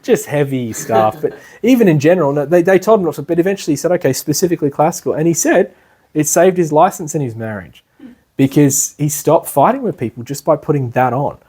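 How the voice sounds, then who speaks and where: A man's voice: on the high side, lively intonation, a little fast, warm tone, husky. Chatty man teaching a class. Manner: chatty and rambling, with frequent "you know" and laughs. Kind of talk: casual spoken lecture to a class.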